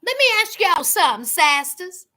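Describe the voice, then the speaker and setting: High, bright-voiced sassy woman. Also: sing-song, normal speed. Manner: sassy, emphatic, talks to viewers as y'all and honey. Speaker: commentary host. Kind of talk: casual livestream commentary.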